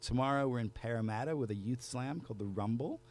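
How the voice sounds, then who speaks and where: A male spoken word poet speaks in a radio studio. His mid-pitched voice has a gravelly fry. He tells stories in a rhythmic, theatrical way. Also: fast talker, a little mellow.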